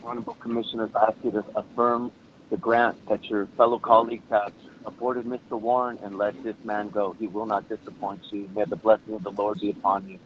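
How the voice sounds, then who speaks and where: A man's voice: fairly low pitch, level tone, a little fast, slight background noise. Earnest man on a dull call-in line. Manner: earnest, emotional, pleading. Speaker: public commenter at parole hearing. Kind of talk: emotional public statement.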